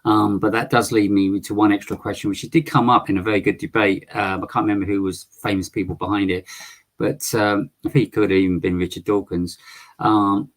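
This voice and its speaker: A man hosting a live call-in stream, polite and firm, with a lot of hesitant ums. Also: lowish voice. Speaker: livestream host.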